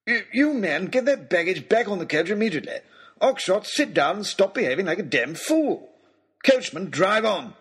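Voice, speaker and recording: A man's voice: high voice, sing-song, moderate pace, a bit bright, slightly rough, pitched above the performer's own voice, full character voice. A man voicing a stern, exasperated aristocratic lord who barks clipped orders, in a storybook reading. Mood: exasperated commanding. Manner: barking orders, clipped and commanding.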